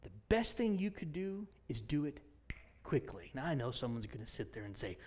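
A man preaching a sermon, telling a story with lively swings between loud emphasis and hushed whispers. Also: medium pitch, moderate pace, a little hiss or hum. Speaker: pastor.

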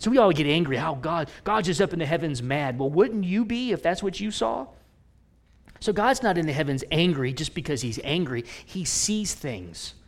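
A man preaching a sermon, telling stories with humor and dropping into hushed whispers for emphasis. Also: mid-range voice. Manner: animated, swings from loud to hushed whispers; conversational storytelling with humor. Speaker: pastor.

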